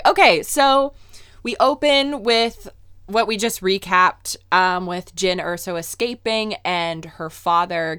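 A young woman co-hosting a podcast with an eager, chatty manner and quick giggly asides. Her voice sits a little low and sounds smooth and clean, recorded dry and close with no room sound. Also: fairly bright tone, no echo. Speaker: podcast co-host. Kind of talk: casual chat.

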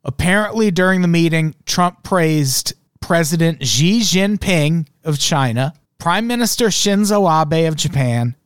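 Casual, profane male podcast host, slightly high voice, dry sound. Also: expressive, a little slow, hardly any pauses, smooth, no room sound. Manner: profane, sarcastic, laughing often. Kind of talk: casual comedic news chat.

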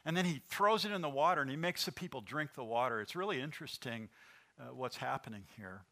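An animated pastor asks the congregation questions during his sermon, talking at a quick pace in a mid-range voice.

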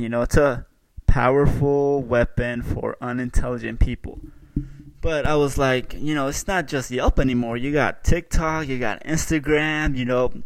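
A man at an ordinary middle pitch holds forth in a loose, exasperated podcast rant. He swears constantly and hedges with fillers. The sound is dry and close, with no room around it. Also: no echo, poor audio. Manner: profane, exasperated, lots of fillers. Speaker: podcast host. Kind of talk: casual rant.

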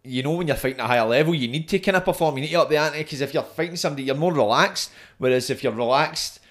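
A man's voice: fairly high pitch, very fast, a bit bright. A man hosting a podcast, chatting bluntly and swearing freely. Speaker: podcast host. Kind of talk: casual podcast chat.

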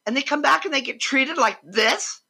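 An older American woman giving an impassioned, indignant political rant, swearing for emphasis, with a husky voice. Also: sits high, animated, moderate pace, bright, forceful tone. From United States. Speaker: vlogger.

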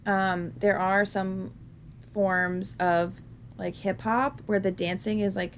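A woman's voice: mid-range voice, steady tone, slow, slight background noise. A woman co-hosting a podcast, chatting candidly and jokingly about a film and laughing often. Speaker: podcast co-host.

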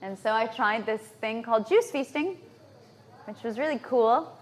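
A woman giving a lecture as a natural hygienist, often checking in with her audience through quick tag questions. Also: on the high side, animated. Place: lecture venue in Bali.

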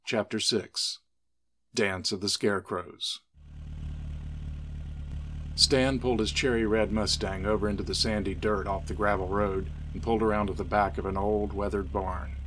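A man narrating a scripted spooky story in a steady, measured reading. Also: lowish voice.

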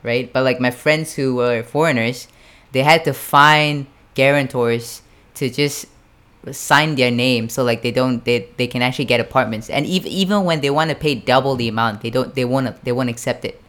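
A man's voice: medium pitch, moderate pace, fairly bright tone. A young man from Japan telling a rambling party story in casual chat, packed with "like" and "right?" and the odd curse. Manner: rambling, filler-heavy, sprinkled with swearing.

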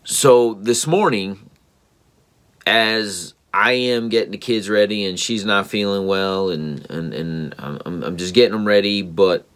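A man's voice: lowish voice, a little slow, a bit bright. A man in his thirties, a tired father telling a personal story in a casual, earnest, reflective way with frequent fillers and restarts. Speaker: father vlogger.

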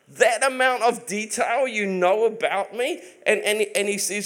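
A man's voice: high voice, unhurried, few pauses, fairly bright tone. A man preaching a sermon in a chatty, conversational way, often restarting words and acting out God's side in casual asides. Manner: conversational, voices God in playful asides; many repeated restarts.

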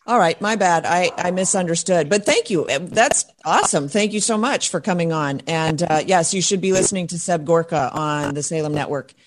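A woman's voice: fairly low pitch, moderate pace, hardly any pauses, slight background noise. A woman hosting a talk radio show, speaking emphatically and forthrightly as she interviews guests. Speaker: host.

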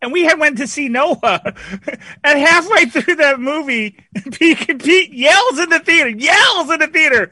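A woman tells lively anecdotes in a casual group chat about films. Her voice is very high and bright, and it swoops widely. The sound is dry and close. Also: a little slow, no echo. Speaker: podcast co-host.

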